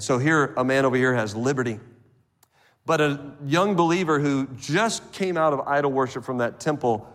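A man preaching a sermon as pastor, animated and acting out little scenes for the congregation. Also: medium pitch. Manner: animated preaching with acted-out voices. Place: church sanctuary. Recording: long reverb of a church hall.

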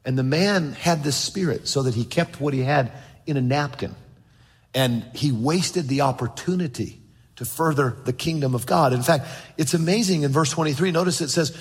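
A husky male pastor preaching in a church sanctuary, reading scripture and briefly acting out the people in his stories. His voice sits somewhat high, and it rings with the long reverb of a large hall. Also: normal speed. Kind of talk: sermon.

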